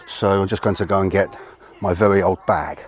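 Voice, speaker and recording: Outdoors near a tree, a martial arts instructor explains punching technique in a video lesson. His voice sits low with fairly even intonation and a slightly quick pace. He speaks conversationally, correcting himself and sounding a bit winded, with a little hiss or hum on the recording.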